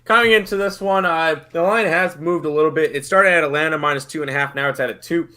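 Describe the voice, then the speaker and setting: Mężczyzna o jasnym, wyraźnym, nieco wyższym głosie omawia typy na mecze koszykówki. Mówi pewnie, ale chaotycznie, powtarzając słowa w trakcie myślenia. Brzmi jak swobodna analiza na streamie o zakładach. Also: male voice, fairly high pitch, fast talker, bright, forceful tone, slight background noise. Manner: confident, rambling, repeats words while thinking. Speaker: betting analyst. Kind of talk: casual sports betting analysis.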